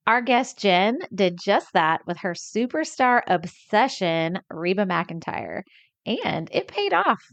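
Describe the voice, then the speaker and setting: A woman hosting a podcast in casual chat, playful and quick with jokes. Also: medium pitch, big pitch swings, no room sound, muffled recording. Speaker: podcast host.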